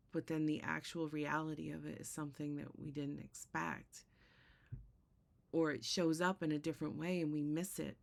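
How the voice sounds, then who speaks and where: A woman with a low, creaky voice tells a spiritual parable in a relaxed, conversational way. She keeps checking in with her listeners by asking "right?" and "okay?". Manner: conversational, with frequent fillers and rhetorical "right?". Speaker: host. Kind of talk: casual spiritual storytelling.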